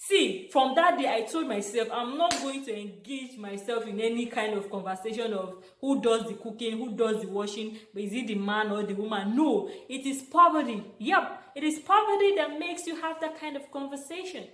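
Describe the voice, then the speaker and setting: A young Nigerian woman telling a story in an animated vlog, exclaiming and laughing often. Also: a little high, normal speed, few pauses. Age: young adult. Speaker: vlogger, international student. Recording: echoey room.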